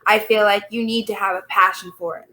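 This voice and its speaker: A teenage girl in her late teens answers an officer's interview questions on a video call as a student host, earnest and chatty, a lively storyteller who laughs easily. Her voice is mid-range and fairly quick, and the recording is rough.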